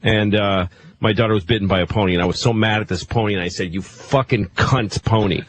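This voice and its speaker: A man's voice: on the low side, fairly even intonation, fast talker, background noise. A man chatting casually on a radio show, telling a profane story with bursts of laughter.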